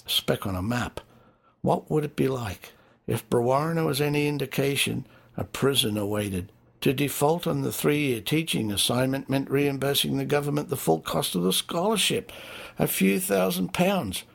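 A man reading a first-person memoir in a measured, wry storytelling manner. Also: mid-range voice, gravelly, slightly rough. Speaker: audiobook narrator.

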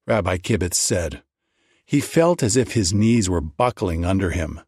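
A man narrating a storybook tale in an unhurried, expressive reading. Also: deep voice, husky, no echo, clean studio sound.

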